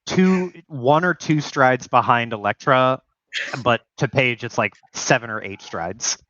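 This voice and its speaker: A man's voice: mid-range voice, unhurried, dry recording, highs cut off. A man running a tabletop role-playing game, narrating scenes loosely with lots of fillers and voicing side characters. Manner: relaxed, filler-heavy narration. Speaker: game master.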